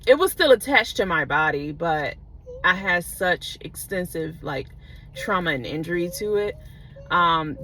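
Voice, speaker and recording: A woman's voice: medium pitch, bright, forceful tone. A woman vlogger telling a personal story in a casual, digressive, profane way, often checking in with her listeners.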